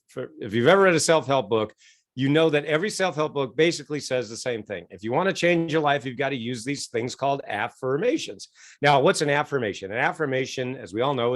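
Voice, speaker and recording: A middle-aged man, a guest keynote speaker, telling stories in an interview with animated quoted voices and frequent laughs. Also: mid-range voice. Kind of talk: energetic storytelling interview.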